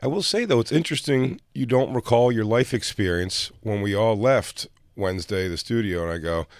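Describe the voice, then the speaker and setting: A man co-hosting a radio show, teasing the others in quick casual studio banter. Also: lowish voice, expressive, no echo. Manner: dry teasing, quick back-and-forth. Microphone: studio mic.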